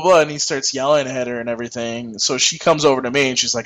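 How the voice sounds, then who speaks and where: A man's voice: medium pitch, fairly even intonation, a little fast, hardly any pauses, fairly bright tone, poor audio. A young man co-hosting a podcast, telling a rambling, profane work story and acting out the people in it. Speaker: podcast co-host.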